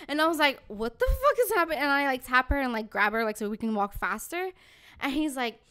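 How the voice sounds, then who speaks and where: A young woman with a high voice tells a story on a casual podcast. She swears freely and slips into the voices of the people she describes. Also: brisk, smooth. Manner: animated, swears a lot, acts out the people in her story. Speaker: podcast host.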